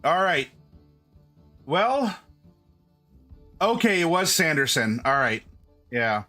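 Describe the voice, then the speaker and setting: A man's voice: on the high side, big pitch swings, slow, bright, forceful tone, soft background music. A man hosting a live stream, chatting casually with his viewers and often restarting his sentences. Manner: chatty, restarts often, addresses chat directly. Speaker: streamer host.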